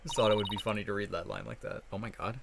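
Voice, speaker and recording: A man's voice: lowish voice, steady tone, racing, creaky, heavy background noise. A man chatting casually and joking while streaming a game playthrough. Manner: laughing, joking.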